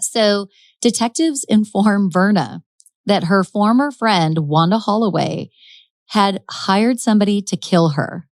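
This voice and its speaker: A woman's voice: medium pitch, unhurried, no echo. A woman hosting a podcast, retelling a true-crime case in a chatty, dramatic way with frequent laughs. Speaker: podcast host. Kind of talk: casual true-crime storytelling.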